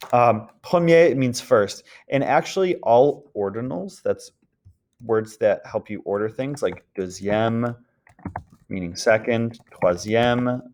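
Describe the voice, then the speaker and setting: A man teaching a recorded grammar lesson to his students, relaxed and full of ums, slipping in short words of the language he teaches. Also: on the low side, slight background noise. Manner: relaxed, frequent ums, chants the word list rhythmically. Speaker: French teacher.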